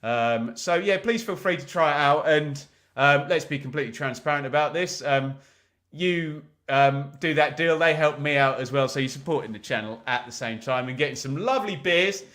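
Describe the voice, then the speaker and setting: A man's voice: a little high, moderate pace, fairly bright tone. Chatty man hosting a stream. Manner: chatty, rambling, frequent "um" fillers. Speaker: host of a live football watch-along stream. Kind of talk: casual live-stream chat, reading viewer comments.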